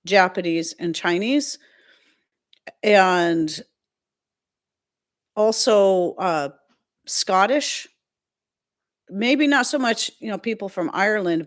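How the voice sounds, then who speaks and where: A middle-aged woman chatting casually on her livestream, rambling from one story to the next and reading out viewer comments. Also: lowish voice. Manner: chatty, rambling, reads chat comments aloud. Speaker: livestream host.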